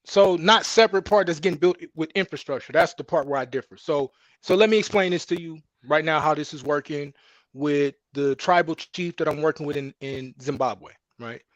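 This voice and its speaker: A man's voice: a little high, normal speed, no echo, highs cut off. A man who is a guest in a heated panel debate, defensive and insistent, repeating himself to get a word in. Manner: defensive, insistent, calls others bro.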